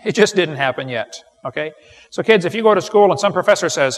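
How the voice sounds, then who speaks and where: A man's voice: fairly high pitch, expressive. Folksy, wisecracking man in a big hall. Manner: folksy, wisecracking, quick storytelling with punchlines. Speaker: creation seminar speaker. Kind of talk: joking live seminar lecture. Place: large hall with live audience. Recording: live recording in a reverberant hall.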